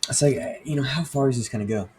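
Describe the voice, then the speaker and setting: A man's voice: mid-range voice, fast, a little hiss or hum. A young man hosting a casual podcast, rambling and swearing a lot, with many fillers. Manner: rambling, profane, full of fillers. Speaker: podcast host. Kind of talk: casual crude monologue.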